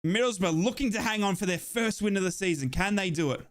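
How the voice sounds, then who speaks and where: A young Australian man streams as a fan, giving breathless, excited live commentary on a football match while shouting and chanting along. His voice sits high and he talks quickly.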